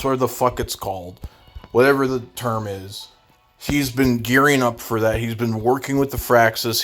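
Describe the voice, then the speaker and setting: A young man ranting sarcastically in a casual gaming commentary vlog, swearing freely. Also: mid-range voice.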